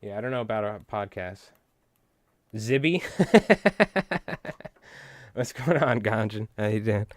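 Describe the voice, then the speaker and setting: A man with a New York accent hosts a fly tying livestream, rambling, chatting and joking with viewers as he ties flies. His low, expressive voice moves slowly with long pauses, in studio-quality audio with no echo.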